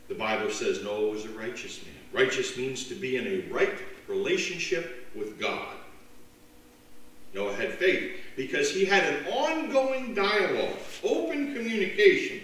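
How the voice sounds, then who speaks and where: A man preaching a sermon as pastor, with a slow, dramatic delivery. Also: mid-range voice, a little hiss or hum. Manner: slow, dramatic delivery with lively voiced jokes. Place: church sanctuary. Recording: echoey church from far off.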